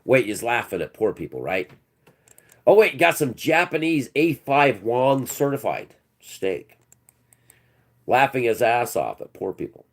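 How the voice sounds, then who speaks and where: A man in the middle of a heated, sarcastic rant, his pitch leaping up and down as he jeers. He repeats taunts in a scornful, profane way as he hosts his own commentary channel. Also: big pitch swings, unhurried. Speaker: channel host. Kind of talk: ranting commentary.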